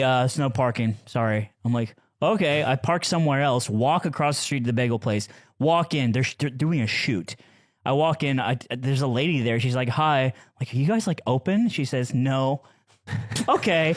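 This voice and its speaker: A young man telling rambling stories on a podcast, laughing and swearing as he goes. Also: a little high. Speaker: podcast regular. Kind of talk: casual storytelling chat.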